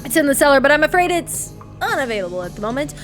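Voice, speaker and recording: A woman voicing a creepy, grinning, hunched male innkeeper in a comedy western game, with a slight lisp and odd emphasis, drawling slowly and then jumping high in pitch. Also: sing-song, faint music behind. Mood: sinister. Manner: slow, sing-song with sudden high jumps.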